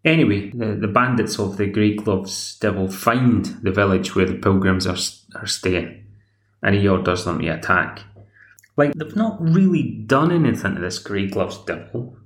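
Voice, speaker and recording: A man's voice: lowish voice, normal speed. A Scottish man hosting a podcast, recapping a TV episode in a chatty, rambling way with wry asides. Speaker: podcast host. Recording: echoey room.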